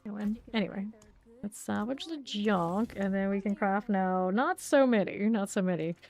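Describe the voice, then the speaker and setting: A woman talking casually as she streams a game live. She rambles between thoughts and laughs often, in a mid-pitched voice. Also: normal speed, a little mellow, faint music behind.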